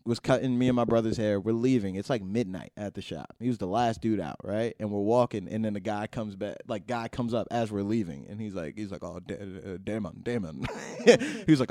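A man's voice: lowish voice, fairly quick, hardly any pauses, a little mellow, no room sound, clean studio sound. Slangy laughing man in casual chat. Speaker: podcast co-host.

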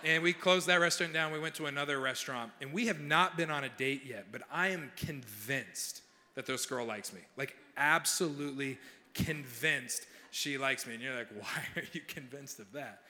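A young male pastor giving a sermon, telling a funny personal story with animated, self-mocking humor before he prays. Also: mid-range voice, moderate pace, big-room sound. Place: large church hall.

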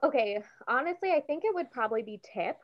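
A laid-back woman guesting on a comedy podcast, hedging her words with fillers. Her voice sits fairly high. The sound is dull and lo-fi. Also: lively intonation, quick pace. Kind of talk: casual comedy podcast chat.

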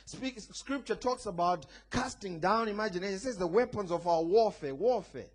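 High-voiced emphatic male preacher. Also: lively intonation, moderate pace. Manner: emphatic preaching with call-and-response. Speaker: pastor. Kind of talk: sermon.

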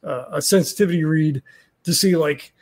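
A man's voice: fairly high pitch, normal speed. A man running a tabletop horror game as game master, rambling with many fillers and restarts.

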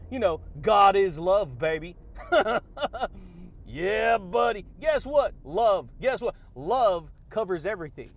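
High-voiced, energetic motivational man. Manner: energetic, slangy, laughs often. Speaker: podcast host. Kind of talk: motivational talk.

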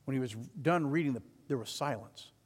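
A man preaching a sermon as pastor, swelling to loud emphatic declarations and then dropping quiet. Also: mid-range voice, a little fast, slightly rough, big-room sound.

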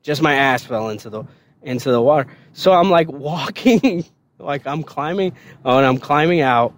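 A man's voice: normal speed, slight background noise. A man on a podcast telling a story from his past, swearing freely, laughing often, and acting out the other people's lines. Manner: laughing, swearing, acts out quotes in a higher voice. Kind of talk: casual storytelling.

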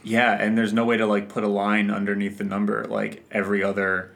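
A man's voice: on the low side, completely flat delivery, brisk, gravelly, a bit bright. A man co-hosting a podcast in casual chat, joking and rambling, often breaking off and restarting his sentences. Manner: joking, rambling, interrupts himself. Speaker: podcast co-host.

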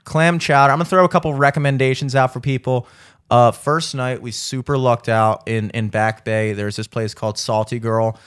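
A man hosting a podcast, spinning a travel story in loose, swear-heavy casual chat. His voice sits at an ordinary middle pitch for a man, and he leans on fillers as he rambles and jokes. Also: normal speed, smooth. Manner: profane, animated storytelling with many fillers. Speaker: podcast host.

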